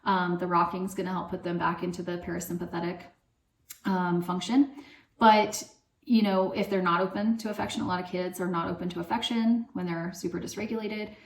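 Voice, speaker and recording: A woman's voice: fairly low pitch, fairly even intonation, brisk. A woman speaking as a parenting coach, giving casual advice in a loose, chatty way full of fillers. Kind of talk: casual advice talk to camera. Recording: echoey room.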